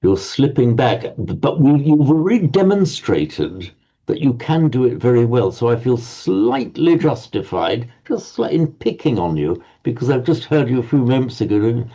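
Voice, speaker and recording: A man's voice: medium pitch, big pitch swings, moderate pace, dark tone. A man teaching Pali pronunciation to a group class, patiently correcting students and often repeating words while he searches for the next one. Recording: dull lo-fi audio.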